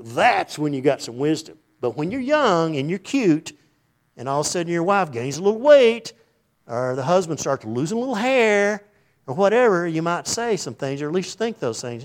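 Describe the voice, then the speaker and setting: A man preaching a sermon as pastor, animated, breaking into quoted voices and joking asides. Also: medium pitch, a little fast.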